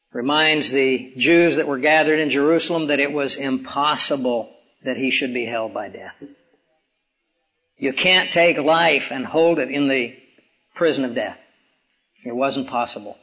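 A man preaching a sermon as pastor, hoarse from swollen tonsils, with emphatic rises and slow, dramatic drops. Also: fairly high pitch, bright, forceful tone. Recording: dull lo-fi recording.

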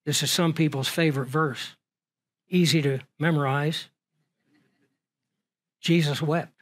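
A man's voice: a little high, steady tone, a little slow. A man preaching a sermon, earnest and full of rhetorical questions, his voice swelling and dropping for emphasis.

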